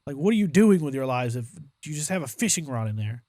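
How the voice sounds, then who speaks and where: A young man giving casual gameplay commentary as a streamer, chatty, with exaggerated complaints and excited outbursts. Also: medium pitch, fast talker, no room sound, studio quality. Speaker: gaming streamer.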